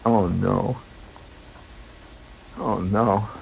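A man's voice: on the low side, steady tone, drawn-out words, gravelly, breathy edge, poor audio. A man telling a rambling, wry story in a monologue, digressing often and chuckling as he goes.

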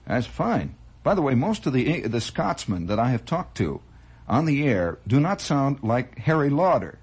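A man's voice: mid-range voice, big pitch swings, a little slow, darkish tone, breathy edge. A man telling a rambling story as a spoken monologue, with chuckling asides.

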